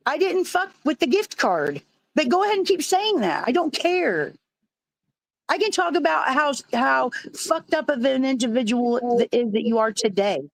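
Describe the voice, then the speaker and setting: A woman's voice: high voice, lively intonation, normal speed, no room sound, rough recording. A woman arguing heatedly on a live stream panel, defensive and profane, often stumbling over her words.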